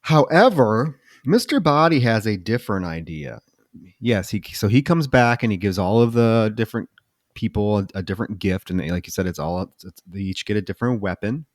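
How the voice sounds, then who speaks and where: A man's voice: on the low side, lively intonation, fairly quick, no echo, clean studio sound. A man co-hosting a casual film podcast, recapping the plot at length in a loose, chatty way. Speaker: podcast co-host.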